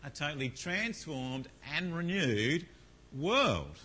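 A man's voice: fairly high pitch, very animated, slow, sharp tone, breathy edge, rough recording. A man preaching a sermon and leading a prayer in church, chatty and full of rhetorical questions to the congregation.

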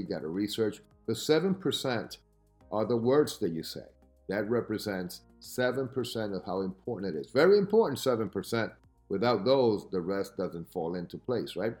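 A man giving podcast talk as a sales coach, with an emphatic, lively delivery who keeps asking "right?" as he teaches. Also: lowish voice.

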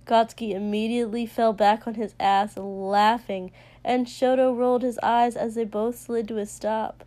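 A woman narrating a story aloud in a steady, even reading voice. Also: a little high, moderate pace. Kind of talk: reading fan fiction aloud.

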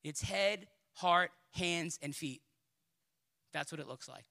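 A man, a pastor, preaching a sermon in a blunt, sarcastic and animated way. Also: a little high, slow pace, vocal fry.

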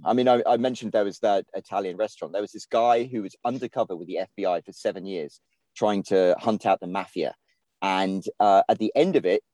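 A man's voice: on the low side, dark tone, no room sound. A man from England with a British English accent, a guest writer chatting casually in a rambling way, full of fillers and restarts. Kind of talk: casual podcast chat.

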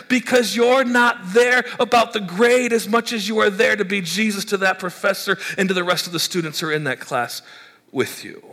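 A pastor preaching a sermon in an animated way, acting out people's complaints in higher voices. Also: male voice. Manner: animated, mimics congregants in high excited voices.

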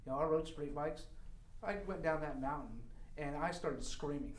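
Guy w a high voice laughing thru his dirt bike story, echoey and far from the mic. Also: normal speed. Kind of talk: casual storytelling.

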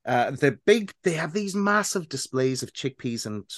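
A man's voice: a little high, big pitch swings, normal speed, no echo, studio quality. A man hosting a casual radio chat show, rambling and laughing as he talks, with many restarts.

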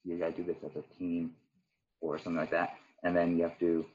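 A man with a lowish, husky voice rambles through a casual podcast chat, full of fillers and restarts. The recording sounds dull and lo-fi. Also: completely flat delivery, fast, a little mellow. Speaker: departing guest.

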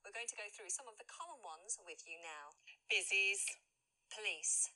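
A woman, giving a clear, measured scripted lesson on regional words. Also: mid-range voice, animated, sharp tone, poor audio. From Britain. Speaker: accent teacher. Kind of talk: scripted instructional narration.

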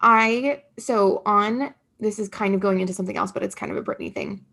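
A woman's voice: mid-range voice, fairly quick, vocal fry, a bit bright. A young woman co-hosting a podcast, chatting and gushing about pop culture with frequent laughs. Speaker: podcast co-host. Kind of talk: casual pop culture chat.

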